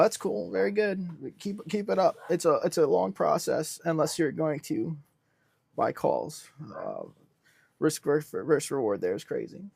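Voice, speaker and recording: A young man hosting a casual livestream, reading comments with a deadpan businessman act. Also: fairly high pitch, gravelly, slightly rough, dry recording. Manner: deadpan self-styled businessman persona. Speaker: livestream host.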